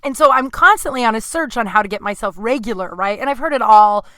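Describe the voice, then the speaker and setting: A woman's voice: fairly high pitch, expressive, fast talker, pushed and bright, no echo. Chatty woman rambling through a story. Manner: rambling, full of "like" fillers and self-asides. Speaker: podcast host. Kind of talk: casual storytelling. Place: home apartment.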